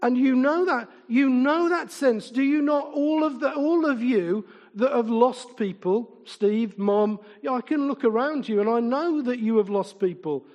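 A middle-aged preacher with a very high voice that rings out in a long echo through a large hall. His sermon is chatty and informal. He keeps turning to the congregation with questions and drops in funny stories about himself. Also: a little slow, hardly any pauses, darkish tone, lo-fi sound. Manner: informal and chatty, asks the congregation repeated questions, tells humorous anecdotes. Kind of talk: conversational sermon.

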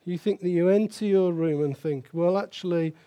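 A man's voice: sits high, moderate pace, dark tone. An older man preaching a sermon as pastor, emphatic and repeating key phrases for stress.

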